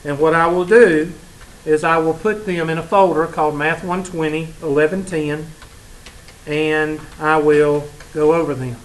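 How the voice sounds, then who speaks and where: Folksy Southern math teacher in class. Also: male voice, fairly high pitch, fairly even intonation, a little slow. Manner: folksy, joking, teasing the class. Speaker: math instructor. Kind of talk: classroom lecture with storytelling. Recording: echoey classroom with faint ambience.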